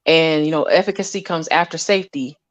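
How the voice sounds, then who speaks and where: A woman with a lower-than-usual voice talks casually about lab work and the people around her. She tells stories with energy, acting out what others said. The recording is close and dry. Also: a little fast, dry recording, dull audio. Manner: animated storyteller, acts out quotes, laughs often. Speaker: lab scientist guest. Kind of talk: casual conversation.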